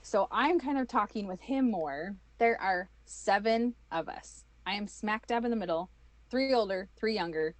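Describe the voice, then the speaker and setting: A woman, telling her own story as an interview guest, animated and full of fillers. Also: medium pitch, normal speed, no echo. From United States. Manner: animated, acts out quoted voices, many fillers.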